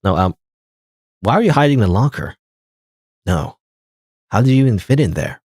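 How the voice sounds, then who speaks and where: A man's voice: on the low side, sing-song, normal speed, a little mellow, no room sound, clean studio sound. A man voicing a cool, terse young male game hero who speaks in a curt, unimpressed way.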